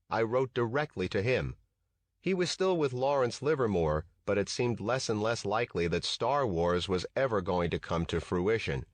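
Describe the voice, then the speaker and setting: A man with a low voice reads a first-person memoir as audiobook narration, at a measured and even pace. The sound is dry and close, with no room around it. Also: no echo.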